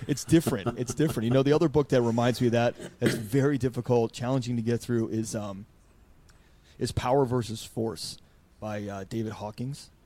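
A man's voice: mid-range voice, normal speed, a little hiss or hum. Man hosting a rambling podcast chat. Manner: rambling, animated, acts out quotes. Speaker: podcast host. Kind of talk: casual podcast conversation.

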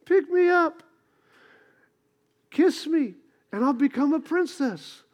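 A man voicing a small talking frog in a joke, high and coaxing as it begs to be picked up. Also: expressive, slow, exaggerated voice. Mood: pleading. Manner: pleading, coaxing. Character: small squeaky talking frog, female-wishing princess.

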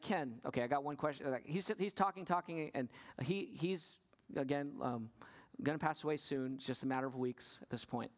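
A male pastor delivering a sermon to his congregation, asking them questions, his voice sinking low and soft and then climbing high and pressing.

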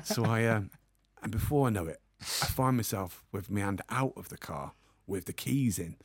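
A man spins a comic anecdote and throws himself into the other characters' voices as he goes. His voice is gravelly, with fry at the ends of phrases, and it sits in an ordinary male range. The recording is close and dry, with no room sound. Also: fairly low pitch, normal speed, no room sound. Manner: animated storyteller, acts out the other people in the story. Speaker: podcast guest.

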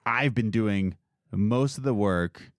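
A young man co-hosting a podcast, telling a story in casual chat with lively quoted voices. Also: on the low side, slow pace, dry recording, clean studio sound. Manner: animated storytelling, mimics others in quotes. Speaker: podcast co-host.

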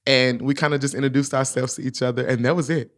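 A man's voice: mid-range voice, steady tone, fast talker. A man casually telling a story about how he met his wife. He acts out the quoted lines and laughs often.

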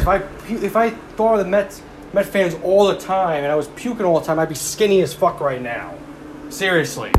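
A man's voice: a little high, background noise. A young man ranting heatedly about baseball, mocking rival fans and swearing. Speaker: sports commentator. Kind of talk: casual sports rant.

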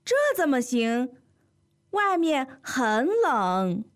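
A woman voicing a parent who firmly insists that a child dress warmly, in a scripted language-lesson dialogue. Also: on the high side, very animated, takes it slowly. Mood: insistent. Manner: firm and insistent.

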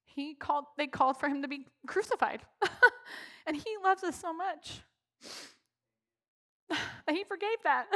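A worship leader speaks off the cuff in a church sanctuary, emotional and often laughing, saying "like" constantly. Her high, bright voice is expressive and forceful, a little slow, with frequent pauses.

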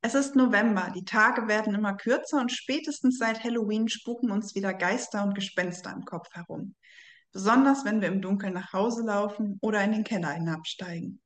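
A woman hosts a podcast, opening with a scripted intro before chatting with her guest. Her voice sits at a middle pitch, and the room around her adds a noticeable echo. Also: fairly quick, a little hiss or hum. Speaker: podcast host.

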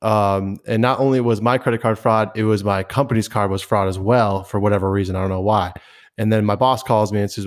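A man's voice: fairly low pitch, fairly even intonation, fairly quick. A young man co-hosting a podcast, telling a rambling story in an easygoing, casual way. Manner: easygoing, rambles through anecdotes with fillers. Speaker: podcast co-host.

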